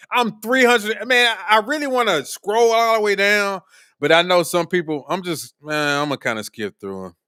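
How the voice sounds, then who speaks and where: A man's voice: on the high side, sharp tone, smooth. A man hosting a live political commentary stream, talking in a blunt, profane, combative way. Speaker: streamer host.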